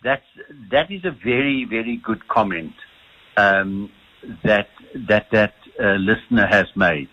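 A man's voice: fairly low pitch, a little slow, pushed and bright, muffled recording. A South African man, a sleep doctor, answering radio phone-in questions with many restarts and repeated words. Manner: hesitant, repeats words often.

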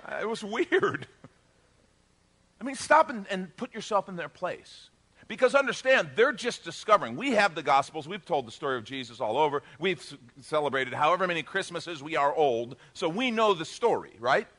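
Animated, bright-voiced male pastor. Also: a little high, moderate pace. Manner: animated storytelling, acts out voices, jokes with the congregation. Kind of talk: sermon.

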